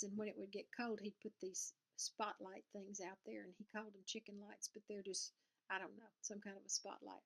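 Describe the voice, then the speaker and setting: A woman's voice: medium pitch, vocal fry. Older Southern woman chatting at home. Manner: rambling, folksy, chatty with fillers and asides. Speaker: cross-stitch vlogger. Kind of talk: casual chat to camera. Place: home sewing room, indoors.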